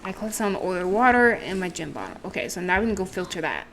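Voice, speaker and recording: A woman's voice: fairly low pitch, very animated, fast talker, fairly bright tone, slight background noise. A woman streaming a game, reading its text aloud and chatting with self-deprecating asides. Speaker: gameplay streamer. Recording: game music playing behind.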